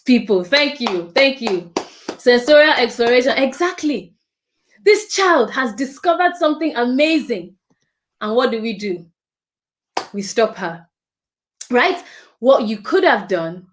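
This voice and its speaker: A woman giving a parenting talk, expressive and repeating phrases for emphasis. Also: fairly high pitch, moderate pace. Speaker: parenting speaker.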